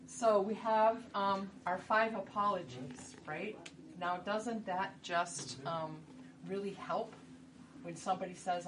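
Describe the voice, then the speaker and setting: A woman's voice: mid-range voice, takes it slowly. A woman presenting a workshop in a conversational style, often tossing in rhetorical questions. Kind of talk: instructional talk. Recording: distant mic, noisy room.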